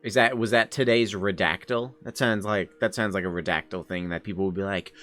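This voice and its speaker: A young man with a fairly low, somewhat bright voice and fairly even intonation chats casually with viewers on a live stream, with soft music in the background. He rambles playfully, reacting to the chat, laughing easily and arguing in jest.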